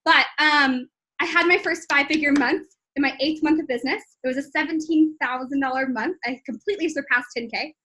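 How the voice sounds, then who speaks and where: Bubbly high-voiced woman business coach. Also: fairly quick. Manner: gushing, excited, many likes and ums. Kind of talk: live-streamed sales talk.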